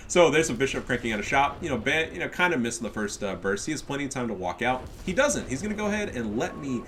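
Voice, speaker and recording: Profane, animated man casting a match. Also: mid-range voice, fast, a little hiss or hum. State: stuffy nose. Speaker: game caster. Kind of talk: casual game commentary.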